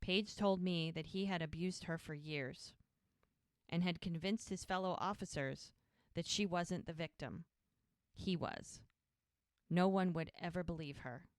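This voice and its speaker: Woman, podcast co-host, casual recap, smooth, lowish, dry sound. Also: measured pace, dry recording. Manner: retells scenes by quoting characters.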